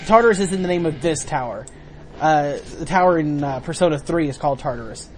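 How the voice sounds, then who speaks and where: A man's voice: on the high side, expressive, brisk, a little hiss or hum. A man hosting a let's play, chatting casually, laughing often and explaining game mechanics. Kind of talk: casual gameplay commentary.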